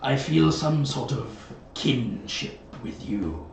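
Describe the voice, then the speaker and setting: A man voicing a crow familiar that speaks into minds, slow and knowing. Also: gravelly, reverberant, far from the mic, a little hiss or hum. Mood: sly, knowing. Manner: slow, low, knowing speech. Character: telepathic crow familiar, ancient and sly.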